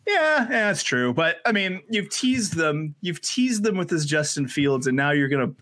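A man co-hosting a casual sports podcast, animated, with halting restarts and emphatic swearing. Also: on the high side, no room sound. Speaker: podcast co-host.

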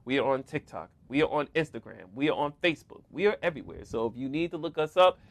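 A man's voice: mid-range voice, animated, fast talker, creaky. A man co-hosting a casual podcast, joking around and laughing often as he talks. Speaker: podcast co-host. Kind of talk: casual chat.

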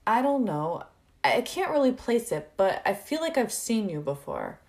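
A woman's voice: on the high side, very animated, moderate pace, creaky, a little mellow, voice pushed up. A woman voicing a flustered, charming young male college student who is apologetic and bashful, in a read-aloud story.

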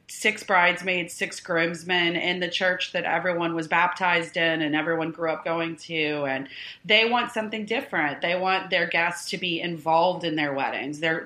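Bright-voiced giggly woman in an echoey room. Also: fairly low pitch. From New Orleans. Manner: friendly, giggly, many ums. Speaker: wedding and event planner, guest. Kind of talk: casual interview chat.

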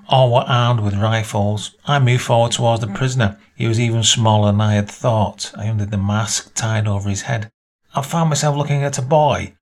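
A man reading a short story aloud as narrator, in a measured storytelling manner. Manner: measured storytelling, voices dialogue with small pitch lifts.

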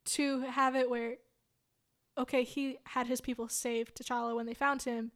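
A woman chatting casually about a film with a friend, animated and full of fillers. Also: sits high, a little slow.

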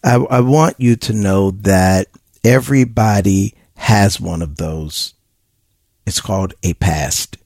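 A man's voice: deep voice, takes it slowly, darkish tone, no room sound, studio quality. A man hosting an advice podcast, talking in an emphatic, preachy way and laughing often.

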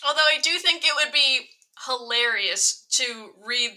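A woman's voice: high-pitched, lively intonation, moderate pace, bright, forceful tone. A woman guest on a casual book podcast, thoughtful and giggly, with many fillers.

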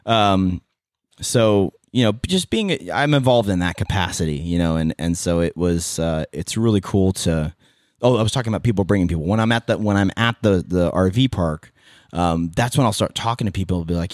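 A man's voice: low-pitched, moderate pace, no room sound, studio quality. A man in his thirties with a Californian accent, chatting as a podcast guest, rambling with fillers and restarts. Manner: rambling, many restarts and fillers, animated asides. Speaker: podcast guest, former radio host and event MC. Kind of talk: casual interview chat.

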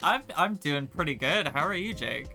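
Bright-toned man co-hosting a podcast. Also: fairly high pitch, expressive, moderate pace, gravelly, soft background music. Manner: laughing, upbeat, agreeable. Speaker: podcast co-host. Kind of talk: casual chat.

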